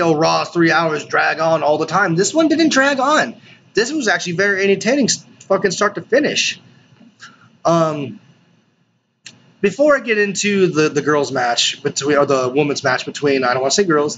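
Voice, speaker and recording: A man hosting a casual solo podcast, talking excitedly, swearing often and restarting his sentences. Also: high-pitched. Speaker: podcast host. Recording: dull lo-fi sound with faint noise.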